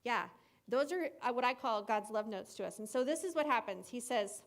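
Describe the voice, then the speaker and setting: Animated woman telling a kids' Bible story. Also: on the high side, moderate pace. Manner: animated, acts out quotes with shifting loudness. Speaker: children's ministry teacher. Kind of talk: Bible story lesson for kids.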